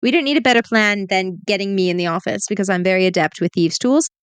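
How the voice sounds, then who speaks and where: Female player, lively scheming delivery, dry close sound. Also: mid-range voice, fast talker, clear, resonant tone, dry recording. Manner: animated, plotting, playful. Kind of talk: in-character tabletop play.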